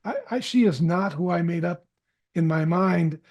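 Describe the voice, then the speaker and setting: A man's voice: on the high side, normal speed, darkish tone. A middle-aged man, a podcast guest, telling a candid personal story, often stopping to correct himself and acting out what was said. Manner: candid, self-correcting storyteller who acts out quoted dialogue.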